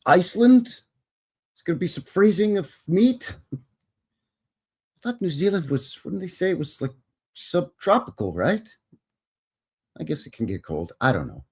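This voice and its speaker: A man's voice: mid-range voice, very animated, moderate pace, slightly rough. A Canadian man hosting a livestream, reading history text aloud and adding folksy, wry asides. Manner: folksy, says "bud" and "eh". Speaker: livestream host. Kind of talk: casual commentary reading aloud.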